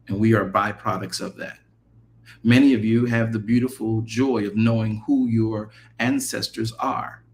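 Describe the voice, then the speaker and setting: A man from the United States with an American English accent, speaking as a minister in an earnest, deliberate preaching talk that halts when he works through lists. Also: lowish voice, gravelly, slight background noise.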